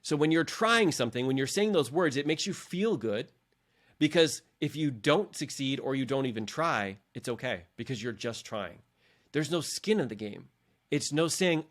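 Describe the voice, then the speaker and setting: A man's voice: on the high side, animated, moderate pace, fairly bright tone. A middle-aged man hosting a motivational coaching podcast in a casual, earnest and encouraging way, often calling his listeners "guys". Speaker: podcast host and leadership coach.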